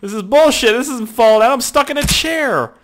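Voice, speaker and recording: A young man doing loud, excitable gaming commentary, swearing, yelping and shouting as he plays. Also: very high voice, moderate pace. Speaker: gaming YouTuber.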